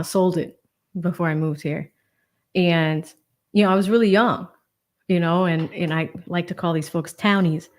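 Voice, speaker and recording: Boston-accented woman in her thirties hosting a casual livestream, chatty and animated. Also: fairly low pitch. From Boston, USA. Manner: chatty, animated, many fillers, reads viewer comments. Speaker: livestream host.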